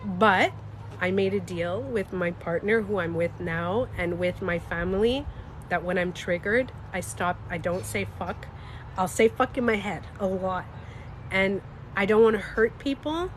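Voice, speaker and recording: A woman beauty coach chatting candidly on a livestream, animated, swearing freely and laughing often. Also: mid-range voice, a little slow, a little hiss or hum. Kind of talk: casual livestream chat.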